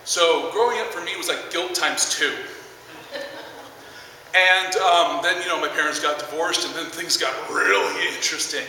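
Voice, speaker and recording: A man's voice: fairly high pitch, normal speed, pushed and bright, heavy reverb, in a large hall, distant mic, a little hiss or hum, low-quality recording. A man in his twenties doing stand-up, rambling through a story with lots of fillers. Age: 20s. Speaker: stand-up comedian. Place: large theater stage.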